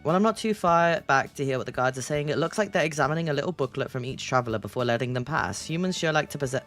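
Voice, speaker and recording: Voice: mid-range voice, animated, fast talker, a bit bright, faint music behind. A streamer who reads a text game aloud, giggling often and chatting along.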